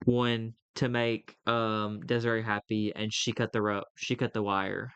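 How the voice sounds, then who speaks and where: A man's voice: lowish voice, little pitch movement, unhurried, a bit bright, clear, resonant tone, no room sound, muffled recording. A young man co-hosting a podcast, telling a story in a casual, rambling way with lots of fillers and restarts. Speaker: podcast co-host. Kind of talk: casual chat.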